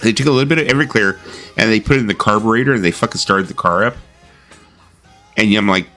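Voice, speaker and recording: A man's voice: on the low side, fairly quick, bright, forceful tone, faint music behind. A man hosting a casual livestream chat, joking and laughing often as he drinks. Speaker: livestream host.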